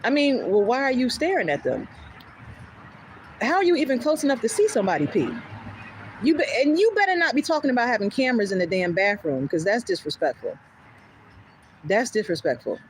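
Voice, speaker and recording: A woman's voice: fairly high pitch, brisk, pauses often, slight background noise, rough recording. A woman chatting casually on her livestream, candid and outspoken, swearing freely and acting out other people's lines as she tells stories. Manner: animated storyteller, acts out others' lines. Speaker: vlogger. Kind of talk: casual chat to a livestream audience.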